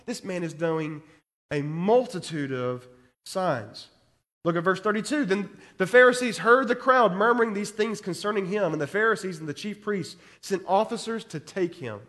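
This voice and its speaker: Male pastor, high voice, passionate scripture reading and commentary. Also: a bit bright. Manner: reads verses aloud with rising intensity, adds commentary. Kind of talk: expository sermon reading scripture.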